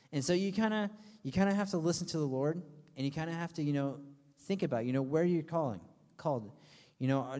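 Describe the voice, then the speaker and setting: A man's voice: on the high side, warm tone. A young man preaching to a youth group as their pastor, talking casually with lots of fillers and playful asides. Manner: casual and chatty, full of fillers, acting out friends' voices for laughs. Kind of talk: youth sermon. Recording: long hall reverb.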